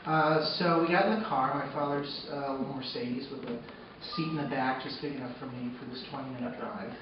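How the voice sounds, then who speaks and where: A man telling a personal story on stage, moving between hushed, sombre narration and loud, excited retelling. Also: mid-range voice, fairly quick, music in the background. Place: arts center stage before a live audience. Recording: echoey hall from far off, dull and noisy.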